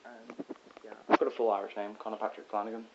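A teenage boy vlogging from his bedroom, rambling excitedly with lots of ums and self-corrections. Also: fairly low pitch, fast talker. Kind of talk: casual rambling vlog. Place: bedroom at home. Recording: dull lo-fi with faint hiss.

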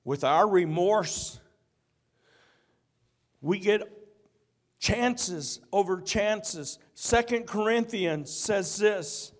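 A man's voice: high-pitched, drawn-out words, pauses often. A man preaching a sermon in church, earnest and repeating his key phrases.

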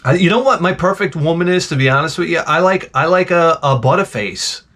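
A man's voice: a little high, animated, a little fast, fairly bright tone. A middle-aged man hosting a retro game channel, rambling through a blunt, profane comedic rant full of wisecracks.

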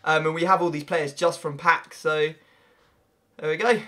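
A young man, giving excitable pack-opening commentary on a video game, breaking into loud shouts and laughter. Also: fairly high pitch, moderate pace, background noise. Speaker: gaming video creator.

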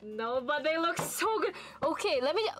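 A woman's voice: high voice, sing-song, moderate pace, fairly bright tone, rough recording. A young woman reacting to a music video, gushing and flustered, with music playing behind her. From Canada. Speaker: reaction vlogger.

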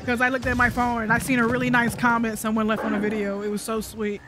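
A woman's voice: a little high, monotone, fast talker, over music. A woman giving casual let's-play commentary, joking bluntly and sarcastically with heavy profanity and rambling asides to viewers. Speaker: gaming commentator.

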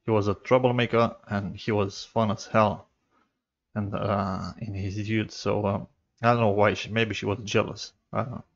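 A man's voice: lowish voice, flat delivery, normal speed, gravelly, lo-fi sound. A man casually commenting on a comedy clip, offhand and profane. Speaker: video reactor.

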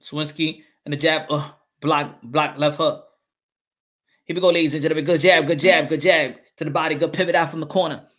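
Man, live boxing commentary, high voice, excitable, repeats calls, swears. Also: fairly quick. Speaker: boxing commentator and channel host.

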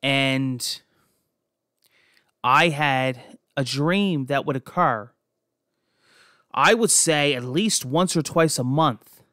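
This young podcast host from New Jersey speaks extremely slowly, pausing often, in a medium-pitched voice that sounds pushed and bright. His casual personal stories ramble, swear and restart, recorded at studio quality with no echo.

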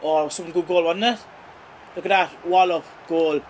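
A young Irish man commentating his own video game play, excitable and swearing freely, shouting at big moments. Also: fairly high pitch, moderate pace, a little hiss or hum. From Ireland. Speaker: gaming YouTuber.

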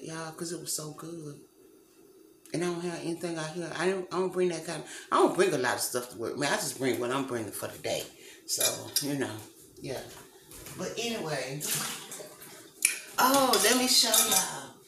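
A woman's voice: sits low, expressive, moderate pace, a bit bright, a little hiss or hum. A woman chatting casually to her viewers in a vlog, rambling and calling them "y'all", from a kitchen with the lights off. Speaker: vlogger. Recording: echoey room with faint background ambience.

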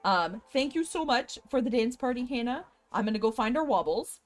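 A woman live streamer chatting casually with her viewers, chatty and expressive, laughing often. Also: on the high side, a little slow, pauses often, faint music behind.

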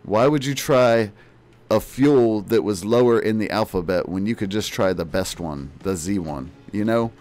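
A man's voice: deep voice, normal speed, hardly any pauses, a little mellow, soft background music. A man doing parody streamer commentary over gameplay, boastful and mock-serious, full of jokey slang. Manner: jokey slang-filled patter. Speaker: gaming video creator.

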